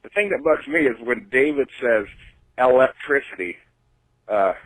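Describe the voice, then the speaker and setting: Chatty caller on a dry voicemail. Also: male voice, mid-range voice, lively intonation, normal speed, a bit bright, no echo, rough recording. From southeastern Washington State. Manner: chatty, rambling, friendly. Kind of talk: casual voicemail message.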